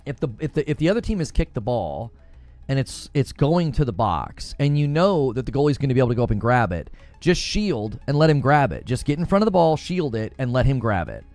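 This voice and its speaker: Male host, lively storyteller, wide pitch swings, light music bed. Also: a little fast, no room sound. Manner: animated storyteller, acts out quotes. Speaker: podcast host and youth soccer coach. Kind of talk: casual chat.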